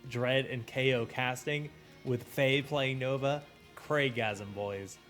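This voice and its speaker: A man's voice: mid-range voice, fairly even intonation, takes it slowly, fairly bright tone, faint music behind. Young man casting esports, joking. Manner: casual, joking banter with chat. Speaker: esports caster. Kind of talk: live esports commentary.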